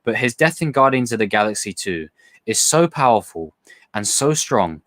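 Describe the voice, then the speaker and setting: A young man hosting a casual live stream, answering chat questions in a rambling, excitable way and swearing freely. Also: mid-range voice, moderate pace. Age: young adult. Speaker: livestream host reading chat questions.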